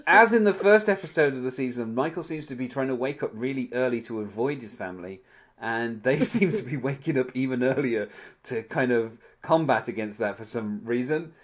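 A man's voice: medium pitch, lively intonation, a little fast. Rambling man recapping a TV episode. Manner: rambling, with many fillers and restarts. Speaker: podcast co-host. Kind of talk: casual episode recap chat.

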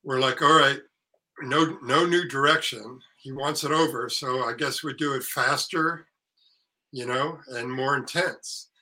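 Older man, very bright tense voice, animated storytelling, acts out quotes, swears. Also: medium pitch, unhurried, poor audio. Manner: animated anecdote telling, acting out quotes, swearing. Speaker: actor and author guest. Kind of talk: casual storytelling interview.

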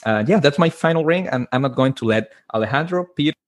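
A man's voice: mid-range voice, lively intonation, fast. A man on a casual podcast, speaking in an earnest, enthusiastic way. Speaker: podcast co-host.

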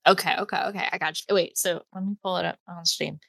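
A woman hosting a podcast, reacting quickly and joking casually with her guest. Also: on the low side, fairly even intonation, gravelly, a bit bright, no room sound, clean studio sound. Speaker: podcast host. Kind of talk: casual chat.

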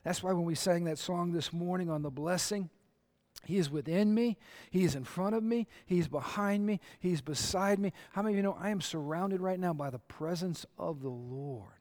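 A man preaching a sermon, conversational and animated, acting out quotes and asking the crowd questions. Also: high-pitched, normal speed. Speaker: pastor.

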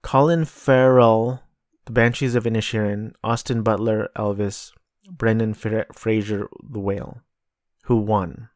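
A man's voice: on the low side, fairly even intonation, a little slow, no echo, clean studio sound. An American man rambling through casual solo commentary, a bit profane, looking things up aloud as he goes. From United States. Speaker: podcast host.

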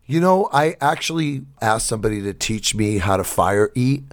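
A man co-hosting a comedy podcast, his voice hoarse and gravelly, telling wry, exasperated stories in casual chat. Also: medium pitch, animated, moderate pace. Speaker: podcast co-host.

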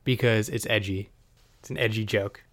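A man's voice: on the low side, steady tone, normal speed, fairly bright tone, dry recording. A man hosting a podcast who recaps a TV episode in a rambling, wry way, full of crude asides.

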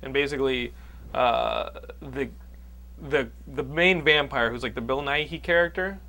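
A man's voice: medium pitch, a little slow, gravelly, bright, forceful tone. A man hosting a podcast, recapping a movie plot in casual chat with many restarts. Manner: rambling, restarts a lot. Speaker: podcast host.

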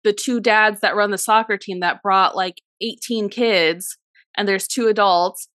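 A young woman co-hosting a podcast, telling stories in animated casual chat, swearing freely and saying "like" a lot. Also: medium pitch, unhurried, no echo, clean studio sound. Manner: animated storyteller, swears freely, heavy use of "like". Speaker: podcast co-host.

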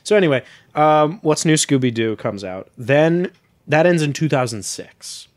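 A man's voice: on the high side, animated, normal speed, dry recording. A man co-hosting a casual podcast, playfully teasing and swearing freely as he rattles off trivia. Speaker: podcast co-host. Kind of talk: casual chat.

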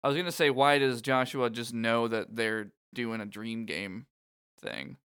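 A man's voice: mid-range voice, unhurried, fairly bright tone, clear, resonant tone. Joking man recapping a game. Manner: joking, laughs often, reads lines aloud. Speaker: podcast co-host recapping a video game. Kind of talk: casual chat.

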